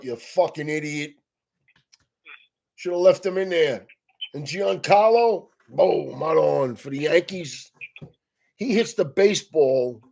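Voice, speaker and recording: In a high, husky voice, a man rants casually like a comedian, laughing through his sentences and swearing constantly. The delivery is loose, animated and profane.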